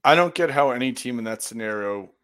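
Mid-pitched man musing on a podcast. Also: lively intonation, a little fast, fairly bright tone, smooth. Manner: thoughtful, rambling with fillers and restarts. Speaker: podcast co-host. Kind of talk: casual chat.

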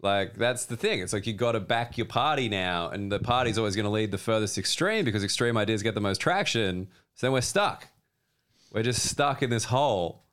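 A low-voiced Australian man with a smooth, resonant tone, riffing loosely as a podcast guest. He swears freely and wanders through his points. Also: expressive, fairly quick, a bit bright. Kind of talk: casual comedic chat.

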